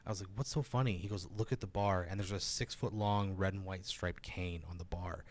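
Animated, low-voiced male comedian. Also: a little fast. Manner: animated, lots of fillers, swears. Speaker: stand-up comedian. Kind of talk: casual storytelling.

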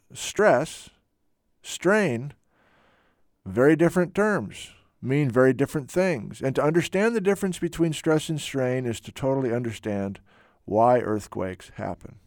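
A man teaching geology in a lively lecture, chatty and self-deprecating, with playful asides. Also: fairly high pitch, no room sound, studio quality. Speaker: geology instructor. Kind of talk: enthusiastic lecture.

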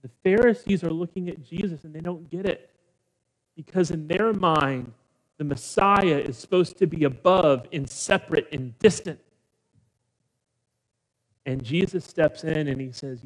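A man preaching as a pastor delivers his sermon with dramatic pauses, quiet low stretches and rousing calls to the congregation. The recording carries a long hall reverb.

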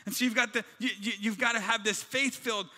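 A man's voice: very high-pitched, steady tone, quick pace, pushed and bright. A man preaching a sermon as pastor, emphatic, driving his points home in repeated rhythmic lists. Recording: reverberant hall with background music.

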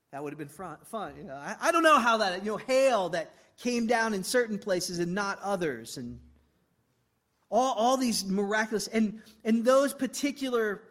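Conversational male pastor, slightly high voice. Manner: conversational, rhetorical questions, swings between loud and quiet. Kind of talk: sermon.

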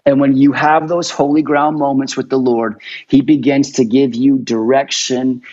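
A man's voice: medium pitch, little pitch movement, normal speed, darkish tone. A man giving a sermon-like devotional talk, exhorting listeners. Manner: exhorting, acts out quotes in voices. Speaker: guest speaker. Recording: dull lo-fi podcast audio.

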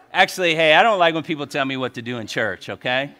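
A man preaching a sermon as pastor, animated and joking with the congregation. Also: on the high side.

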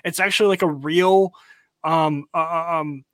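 A man's voice: fairly high pitch, fairly even intonation, unhurried, a bit bright, smooth, no room sound. Blunt man hosting, dry close sound. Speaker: podcast host. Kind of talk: casual Christian podcast discussion.

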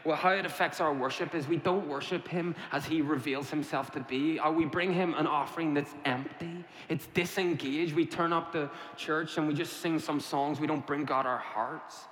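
A man's voice: fairly high pitch, fairly even intonation, moderate pace, hardly any pauses, a bit bright, slight background noise. A man preaching a sermon, emphatic and repetitive, posing rhetorical questions to his congregation. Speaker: pastor. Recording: echoey hall reverb.

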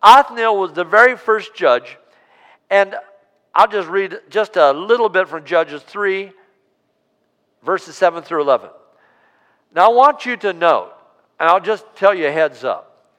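A man preaching as pastor in a church sanctuary has a high-pitched, fairly bright voice with lively intonation, trailed by a long reverb. He uses call-and-response, getting the congregation to answer aloud. Key words come out drawn-out and emphasized.

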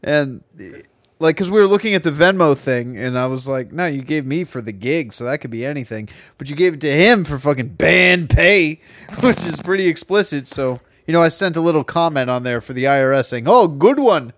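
Young man, casual banter, joking, profane, slightly high, dry. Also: a little fast, fairly bright tone, no echo. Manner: joking, profane, slips into mock British voices. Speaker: band member, podcast co-host.

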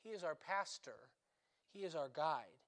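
A man giving a sermon as a priest. He speaks in short, conversational phrases, often adds "right?", restarts his sentences and stresses key words with sudden bursts of loudness. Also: on the high side, expressive, normal speed. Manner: restarts and corrects himself mid-sentence.

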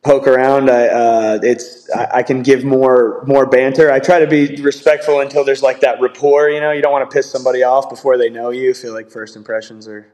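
A man's voice: medium pitch, steady tone, a little fast, few pauses, darkish tone, rough recording. A young man, a grappler guest on a podcast, who talks casually, laughs often and fills his speech with "like". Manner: easygoing, laughs often, says "like" a lot. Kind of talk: casual interview chat.

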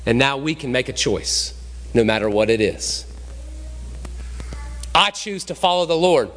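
A man preaching a sermon as pastor, emphatic, swinging between raised and hushed delivery. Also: mid-range voice, expressive, a little slow, big-room sound. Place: church sanctuary.

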